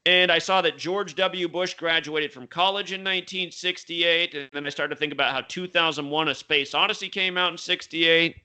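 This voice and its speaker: A man's voice: on the high side, normal speed, few pauses, sharp tone, smooth. A man in his thirties, a talk show guest, explaining intently and reeling off numbers and dates. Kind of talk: conversational interview talk.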